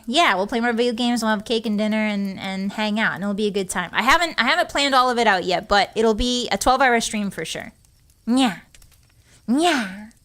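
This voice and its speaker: A woman's voice: on the high side, fairly bright tone. A young woman streamer chatting casually with her live audience, emotional and giggly as she talks and reads chat.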